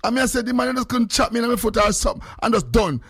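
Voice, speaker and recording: A man with a Jamaican accent hosting a casual chat, telling stories in an animated way and slipping into patois. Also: extremely high pitch, racing, slightly rough, no room sound, studio quality. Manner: animated storyteller, mixes in patois.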